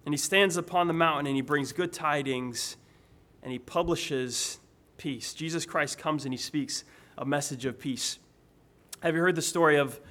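Conversational preacher with a raised voice. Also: male voice, on the high side, fairly bright tone. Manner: conversational, repeats words when restarting phrases. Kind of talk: sermon.

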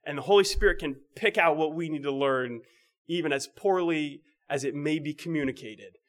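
A man delivers a sermon in an easy, talky manner, his voice sitting a little high for a man. He repeats himself, poses rhetorical questions, and softens his voice when he stresses a point. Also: normal speed. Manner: conversational, rhetorical questions, frequent restarts; drops to a soft, low voice on key points. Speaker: preacher.

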